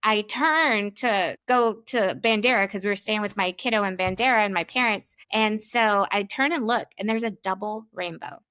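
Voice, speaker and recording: A woman's voice: medium pitch, moderate pace, few pauses, fairly bright tone, dry recording. A woman hosting a podcast, upbeat and casual, often saying "like". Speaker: podcast host. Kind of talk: conversational interview.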